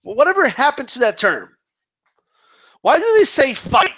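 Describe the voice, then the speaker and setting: Man, very high voice, bright and forceful tone, exasperated profane rant, keeps asking "right?". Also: sing-song, normal speed. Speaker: wrestling commentary vlogger. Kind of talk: ranting opinion monologue.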